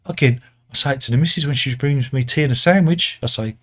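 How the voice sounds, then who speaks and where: A man's voice: mid-range voice, fast talker, a bit bright. Sardonic rambling British man. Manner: rambling, sardonic, self-correcting with many fillers. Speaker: satirical news commentator. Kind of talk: casual satirical monologue.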